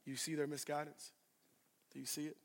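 A man preaching a sermon, swinging from loud declarations to hushed asides and repeating phrases for emphasis. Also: a little high, flat delivery, a little fast, long reverb tail. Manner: addresses congregation directly, repeats phrases for emphasis. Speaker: pastor.

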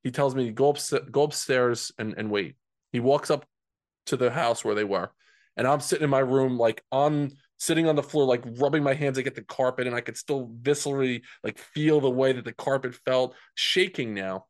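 A man's voice: mid-range voice, fairly quick, dry recording, studio quality. A man from New Jersey, a men's coach telling a personal story as a podcast guest, earnest and conversational, often repeating words.

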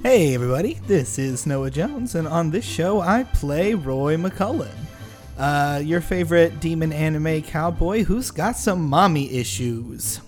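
A man's voice: on the high side, animated, a little slow, a little mellow, soft background music. A man in casual tabletop game podcast chat, goofy and bantering. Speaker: player.

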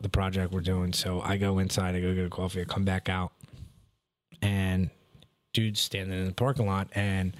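A man co-hosting a podcast, telling profane, animated stories in casual chat and laughing as he goes. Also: lowish voice. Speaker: podcast co-host.

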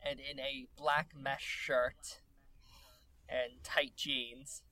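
A man narrating a tabletop role-playing game as game master, in a relaxed, rambling way. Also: medium pitch, very slow.

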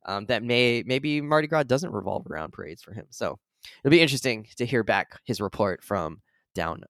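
A relaxed man in his thirties co-hosts a casual podcast, rambling easily and laughing often. His voice sits in an ordinary middle pitch. The recording is dry and close, with no room sound. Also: normal speed, dry recording. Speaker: podcast co-host. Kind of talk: casual chat.

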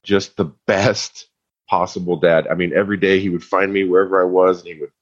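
Low husky-voiced guy sharing his story, earnest but jokey, muffled sound. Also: little pitch movement, brisk. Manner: earnest and heartfelt, with playful asides. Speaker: guest telling his story. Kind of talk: personal storytelling testimony.

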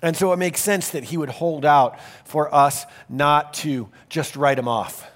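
Earnest, fairly high-voiced male pastor preaching. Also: measured pace, a bit bright. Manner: earnest, emphatic preaching with varied pace. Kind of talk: sermon.

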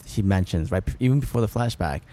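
A man's voice: low-pitched, lively intonation, fast talker, dark tone. A man casually discussing a film, hesitant and often restarting his sentences. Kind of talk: casual chat about a film.

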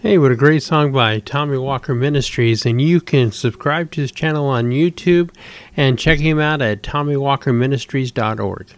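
A man hosting a show, reading a story aloud in a steady, measured way. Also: mid-range voice, dry recording. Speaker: host.

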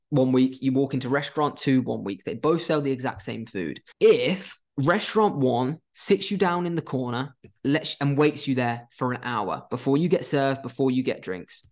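Blunt, animated young man. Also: mid-range voice. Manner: blunt and animated, acts out phone calls, swears casually. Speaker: agency owner giving business advice. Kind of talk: casual talking-head advice.

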